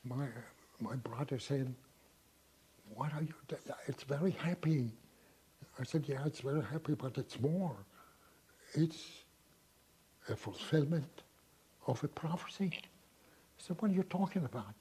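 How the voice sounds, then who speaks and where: An elderly man in his nineties gives an oral history interview. His voice is mellow and very raspy. He pauses and repeats words as he recalls events. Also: mid-range voice. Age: 90s. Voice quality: very husky voice.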